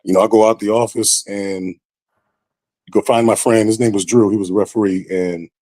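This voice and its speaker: A podcast guest with a low, mellow voice tells a story at normal speed, casual and animated, doing lively voices for the people he quotes. The sound is dry and close, with no room sound.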